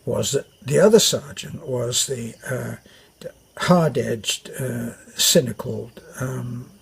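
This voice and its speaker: An older British man, a vlogger with a British accent, rambles through an army story, meandering with many fillers and restarts. He speaks slowly at medium pitch, his voice gravelly and slightly rough.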